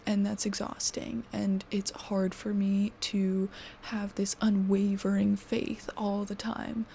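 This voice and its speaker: A woman in her twenties venting to her camera, frustrated and exhausted, swearing and often sinking into a breathy half-whisper. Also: mid-range voice, warm tone, slight background noise. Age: 20s. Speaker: vlogger.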